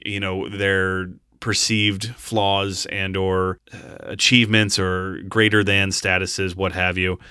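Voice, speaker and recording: Male podcast co-host, low-pitched, smooth and forceful tone, blunt and exasperated film talk. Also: dry recording, studio quality. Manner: blunt, exasperated, swears casually. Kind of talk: casual film review chat.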